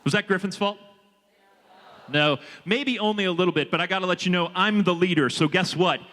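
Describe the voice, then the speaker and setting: A man giving an energetic motivational leadership talk to students, drawing the audience in. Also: sits high, brisk. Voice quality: energetic, animated and audience-engaging. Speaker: leadership speaker. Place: large hall with a student audience. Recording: reverberant hall with a long echo.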